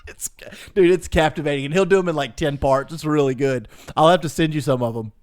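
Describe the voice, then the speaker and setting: A man co-hosting a casual podcast, telling a story with lively acted-out quotes and casual swearing. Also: fairly high pitch, a little fast. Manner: animated storyteller, acts out quoted voices, swears. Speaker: podcast co-host. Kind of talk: casual chat.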